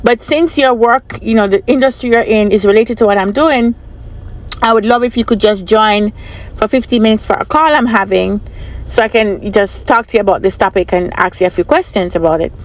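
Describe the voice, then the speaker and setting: Speaking a little fast at a medium pitch, this woman, a vlogger and business analyst trainer, chats casually through a personal story. She tends to repeat herself and keeps asking the viewer what they think.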